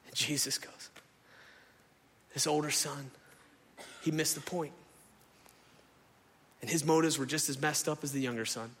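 A man, preaching a sermon in a lively, conversational way and often turning to the congregation. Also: a little high, unhurried, long pauses, slight background noise. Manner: animated, conversational preaching, addresses crowd as y'all. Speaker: pastor. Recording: echoey hall.

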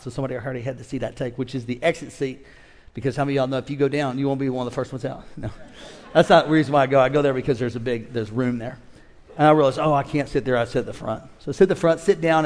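A man in his fifties preaching a sermon, swinging between loud calls to the congregation and quiet storytelling. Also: medium pitch. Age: 50s. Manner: animated preacher, shifts from shouting to quiet storytelling. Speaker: pastor. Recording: long reverb of a large hall.

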